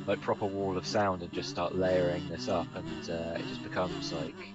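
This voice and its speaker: A man's voice: sits low, level tone, moderate pace. A man co-hosting a podcast in casual chat, teasing and jokey. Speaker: podcast co-host. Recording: dull lo-fi sound with music behind.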